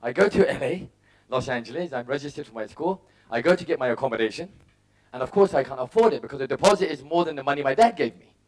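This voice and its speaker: Speaking quickly in a mid-range, expressive and slightly mellow voice, a middle-aged man from England delivers a motivational talk. He tells stories from his life and acts out what he was thinking in short, punchy bursts.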